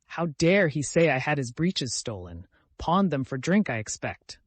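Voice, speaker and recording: A man's voice: fairly high pitch, sing-song, unhurried, husky, no room sound, exaggerated voice. A man voicing an indignant, drunken nobleman who curses and blusters, in a storybook reading. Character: angry drunken male nobleman, cursing.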